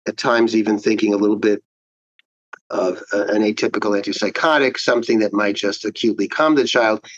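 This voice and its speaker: A man, a child psychiatrist, giving measured, explanatory answers in an interview. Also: lowish voice, fairly even intonation, no echo, lo-fi sound.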